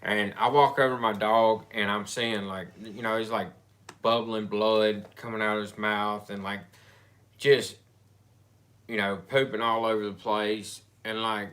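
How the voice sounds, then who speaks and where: A man telling a personal story in casual chat, rambling and halting with frequent restarts. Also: lowish voice, flat delivery, a bit bright.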